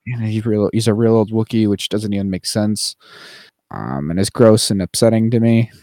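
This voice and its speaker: A man's voice: on the low side, normal speed, warm tone. A man co-hosting a podcast in loose, casual chat, wandering through his points with plenty of fillers. He drops into silly mock voices along the way. The sound is dry and close, with no room echo. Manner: rambling, with many fillers and playful mock voices. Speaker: podcast co-host.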